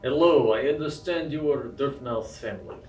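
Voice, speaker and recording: A man voicing a polite male dragonborn who speaks halting, broken English in a stiff, formal way. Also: medium pitch, a little mellow, lightly acted. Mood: earnest. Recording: roomy distant mic, faint music.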